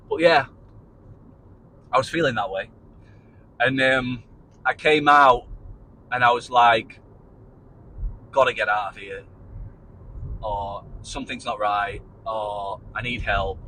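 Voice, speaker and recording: A man's voice: medium pitch, pushed and bright, a little hiss or hum, rough recording. A man casually telling his own story to camera in a loose, chatty way, with frequent restarts and the odd swear word.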